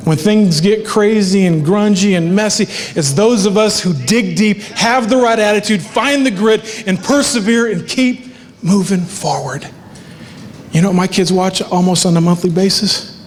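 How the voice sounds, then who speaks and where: A middle-aged man giving a motivational speech, telling stories in a lively way and acting out other people's voices. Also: high voice, moderate pace. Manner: animated storytelling, acts out voices. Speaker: motivational speaker. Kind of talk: keynote speech with live art. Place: large hall with live audience. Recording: long hall reverb, faint background noise.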